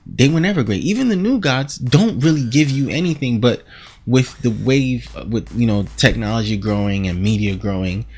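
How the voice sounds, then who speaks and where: A man giving a casual, animated TV episode recap, rambling and acting out quotes as he goes. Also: medium pitch, moderate pace. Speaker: show reviewer.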